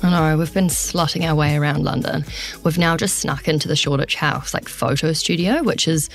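A woman's voice: low voice, fairly quick, soft background music. A young adult woman co-hosting a podcast in casual chat, telling rambling stories and laughing easily. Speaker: podcast co-host.

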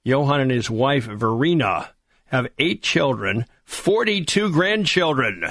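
A man's voice: mid-range voice, lively intonation, measured pace, fairly bright tone, no echo. A man in his seventies hosting a radio interview, asking questions in a friendly, upbeat way. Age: 70s. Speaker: radio host.

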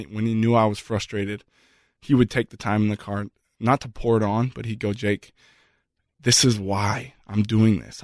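A man with a lowish voice speaks earnestly and at length, pausing and restarting his sentences as he tells a personal story. The sound is close and dry, with no room around it. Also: a little mellow, dry recording. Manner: earnest, halting with repeated restarts. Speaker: guest. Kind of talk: reflective storytelling in conversation.

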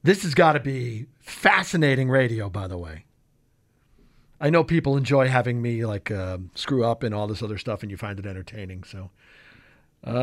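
A man co-hosting a sports radio show in casual, self-mocking banter. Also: mid-range voice. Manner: joking, self-mocking, animated.

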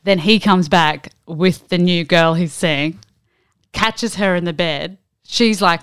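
A woman's voice: lowish voice, steady tone, measured pace, fairly bright tone, smooth, no room sound, clean studio sound. A woman in her thirties co-hosting a casual podcast chat and telling stories with lots of "like" fillers. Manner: chatty storyteller, frequent "like" fillers. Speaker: podcast co-host.

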